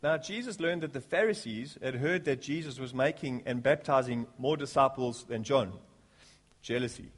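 A man's voice: mid-range voice, moderate pace. A man leading a church service, praying and preaching in a jokey manner that rises to fervent delivery. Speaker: pastor. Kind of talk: sermon with prayer.

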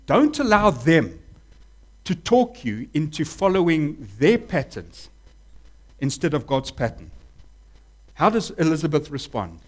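A man preaching a sermon as pastor, animated, acting out voices and dropping to a hush. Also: a little high, unhurried, pauses often. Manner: animated preaching, acts out voices, swings from loud to hushed.

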